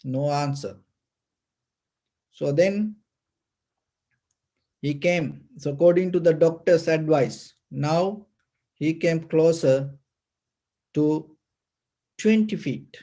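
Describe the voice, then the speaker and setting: A man giving a Buddhist sermon, speaking haltingly with fillers and restarts. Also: a little high, mellow. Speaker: Buddhist teacher.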